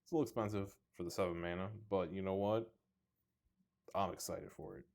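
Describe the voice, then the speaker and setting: A man's voice: sits low, steady tone, fairly quick, creaky, a little mellow. A man chatting casually as he opens trading card packs, reading card names aloud and joking at his own expense. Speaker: card box opening host. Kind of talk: casual unboxing commentary. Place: indoors under two large lights.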